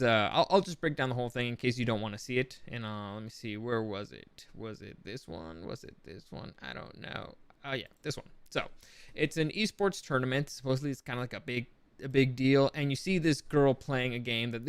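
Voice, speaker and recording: A man's voice: medium pitch, a bit bright, smooth, dry recording. A man hosting a casual gaming commentary show, talking in a chatty, rambling way with frequent restarts and self-corrections. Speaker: show host.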